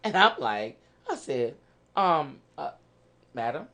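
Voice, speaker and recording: Animated woman telling a story. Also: deep voice, normal speed. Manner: animated, laughs while telling. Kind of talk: casual storytelling.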